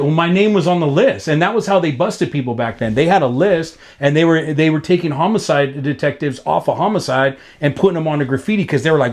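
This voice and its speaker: Profane, slangy man with a higher voice. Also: quick pace. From Los Angeles. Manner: profane, slangy, rambling with many restarts; animated, pitch jumps up when excited. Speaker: graffiti writer being interviewed. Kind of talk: casual interview storytelling.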